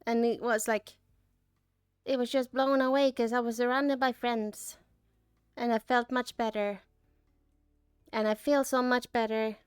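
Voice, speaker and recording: Choked-up woman with a high voice. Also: steady tone, clear, resonant tone, no echo, studio quality. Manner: halting, with many restarts and trailing phrases. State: choked up, holding back tears. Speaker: artist reflecting on a convention. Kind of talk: emotional personal reflection.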